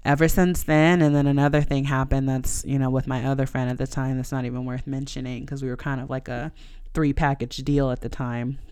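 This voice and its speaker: Candid young woman, smooth dry voice. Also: rumbling low, level tone, a little fast, darkish tone, dry recording. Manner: emotional, frank, swears casually, many fillers. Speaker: podcast host. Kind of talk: candid personal storytelling.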